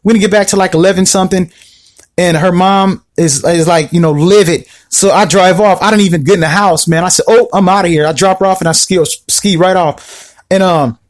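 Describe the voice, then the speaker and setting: A man with a notably high voice hosts a podcast and tells a personal story in a loose, casual way. He stumbles through fillers and restarts and slips into the voices of the people he quotes. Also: steady tone, brisk. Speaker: podcast host.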